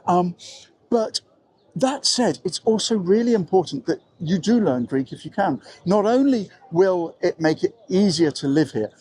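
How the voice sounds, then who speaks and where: A man's voice: high voice, lively intonation, measured pace, a little mellow, husky. Middle-aged English man, slightly raised voice, frank and conversational, self-deprecating vlog talk. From England. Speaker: vlogger living abroad. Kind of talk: advice talk to camera.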